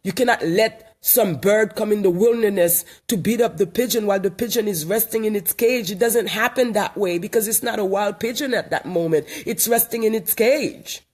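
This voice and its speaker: A man from Haiti holds forth in a backyard monologue. His voice sits high, and he hammers points home through repetition, like a street preacher. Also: normal speed, hardly any pauses, darkish tone. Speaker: online commentator. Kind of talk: outdoor monologue. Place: backyard outdoors.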